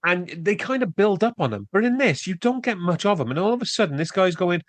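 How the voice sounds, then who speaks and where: Man, fairly high voice, dry sound, sarcastic, incredulous, casual podcast chat. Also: very animated, fairly quick, dry recording. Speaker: podcast co-host. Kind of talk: casual film review chat.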